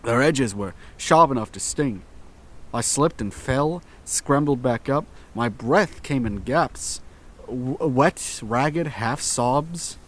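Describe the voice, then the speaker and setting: A man reading a first-person horror story aloud, in slow, tense scripted narration with dramatic pauses. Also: medium pitch, expressive, a bit bright.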